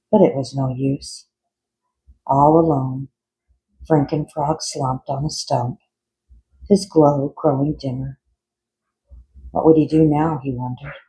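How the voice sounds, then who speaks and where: A man reading a children's picture book aloud in a measured, expressive way. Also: medium pitch, low-quality recording. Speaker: storyteller.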